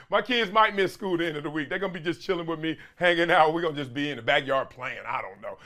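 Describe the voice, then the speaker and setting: Animated man hosting a talk show. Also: on the high side, quick pace, hardly any pauses. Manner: animated storyteller with loud exclamations and slang. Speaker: show host; father and youth coach. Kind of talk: casual solo talk-show monologue.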